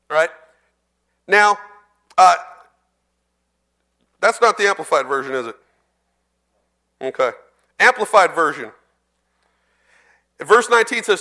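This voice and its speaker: A man preaching a sermon in a church, speaking conversationally to the congregation, asking them questions and reading scripture slowly and deliberately. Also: high-pitched, very animated, gravelly, bright, forceful tone.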